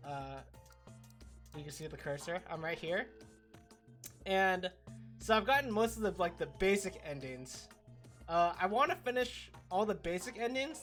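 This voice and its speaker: A woman streamer chatting casually through a game, greeting chat and reacting with amusement. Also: lowish voice. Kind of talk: casual gameplay commentary.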